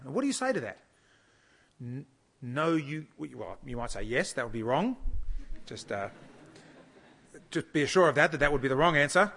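Male conference preacher with a somewhat high voice, expository sermon, measured and emphatic, slows down for scripture. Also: sing-song, a bit bright. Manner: measured and emphatic, reads scripture slowly and pauses to explain. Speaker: conference speaker teaching the Bible.

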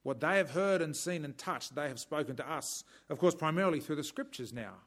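A man preaching a sermon in a measured, emphatic way, breaking off now and then for dry humorous asides. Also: on the high side, expressive, fairly bright tone.

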